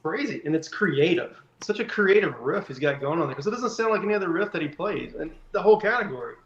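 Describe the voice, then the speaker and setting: A man's voice: on the high side, animated, fast, a bit bright, reverberant, lo-fi sound. A tipsy man talking in loose, rambling casual chat on a podcast.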